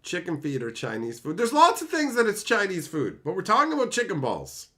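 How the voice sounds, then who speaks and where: A man's voice: sits high, wildly swooping pitch, a little fast, sharp tone. A man streaming live, reading chat and ranting at it in profane, exasperated bursts.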